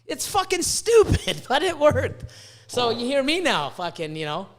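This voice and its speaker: A man hosting a casual podcast, rambling and swearing as he tells animated stories, hot and sweating in his room. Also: extremely high pitch, moderate pace. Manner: profane, rambling, animated storytelling. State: sweating, overheated. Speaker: podcast host, reptile breeder. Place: hot indoor room with a fan.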